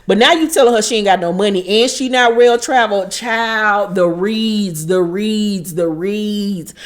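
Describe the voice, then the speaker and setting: A woman's voice: mid-range voice, measured pace. A woman giving a casual, profane recap of a reality show, chatting and quoting people in mimicking voices. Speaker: recap commentator.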